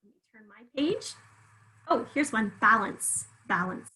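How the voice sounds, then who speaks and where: A woman's voice: fairly high pitch, animated, measured pace, pushed and bright, low-quality recording. A woman teaching a spelling lesson, patiently sounding words out syllable by syllable and encouraging the listener.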